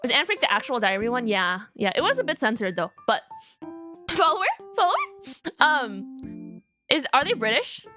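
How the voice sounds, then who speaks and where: A woman's voice: on the high side, very animated, normal speed, long pauses, pushed and bright, faint music behind. A young woman streamer chatting casually with her viewers, rambling and giggly with lots of fillers.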